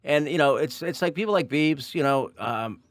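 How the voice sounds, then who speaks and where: A man's voice: fairly high pitch, moderate pace, no echo, clean studio sound. Rambling male podcast host. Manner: rambling, many fillers and restarts. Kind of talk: casual podcast chat.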